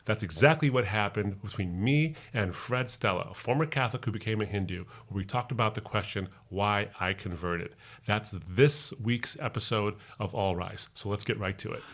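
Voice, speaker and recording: Male podcast host, bright tense voice, conversational testimony with reenacted dialogue, long hall reverb. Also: fairly low pitch, moderate pace, few pauses. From United States. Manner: conversational, re-enacts past dialogues. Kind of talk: personal testimony storytelling.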